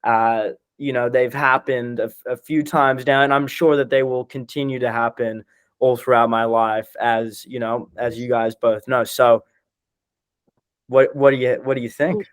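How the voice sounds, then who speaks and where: A man's voice: mid-range voice, fairly even intonation, a little slow, clear, resonant tone, no room sound. A young man in his twenties, speaking hesitantly with many restarts while describing a personal struggle on a podcast. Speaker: guest being coached. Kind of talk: casual podcast conversation.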